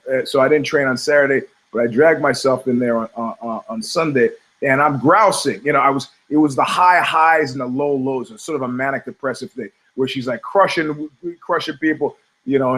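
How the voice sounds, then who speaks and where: A man's voice: mid-range voice, fairly bright tone. A man in his forties hosting a talk show, rambling and swearing, often repeating words as he restarts his thoughts. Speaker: podcast host.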